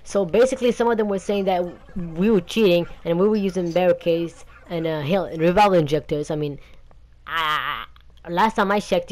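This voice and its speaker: A young man hosting a gaming channel, talking in a rambling, indignant and defensive rant. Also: sits high.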